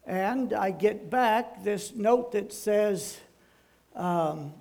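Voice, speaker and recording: High-voiced older pastor telling stories. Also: male voice, expressive, drawn-out words, vocal fry, darkish tone. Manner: homespun, rambling anecdotes with frequent "uh". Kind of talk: folksy storytelling sermon.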